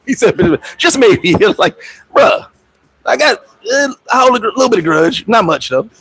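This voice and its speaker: Animated husky-voiced man chatting on a livestream. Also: sits high, moderate pace, dry recording, low-quality recording. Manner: animated, laughs often, acts out little scenes in changed voices; loose street slang and profanity. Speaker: expat vlogger and livestream host. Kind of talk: casual livestream chat.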